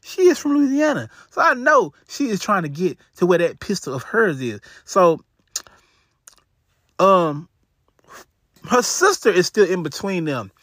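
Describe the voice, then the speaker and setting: A man's voice: high-pitched, sing-song, a little slow, long pauses, a bit bright, no room sound, clean studio sound. A man telling a true crime story in a casual, slangy way full of fillers.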